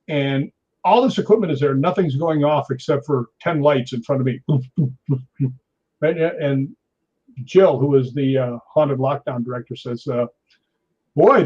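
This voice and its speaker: A man in his sixties, a stunt performer, telling anecdotes in a lively way, laughing often and acting out other people's lines. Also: a little high, measured pace, breathy edge. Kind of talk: anecdotal storytelling. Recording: dull lo-fi recording.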